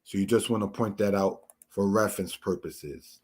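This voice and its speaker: A man teaching a Torah lesson, explaining word meanings in a measured way and addressing his listeners as brothers and sisters. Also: fairly low pitch, darkish tone. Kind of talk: slow spoken Bible lesson.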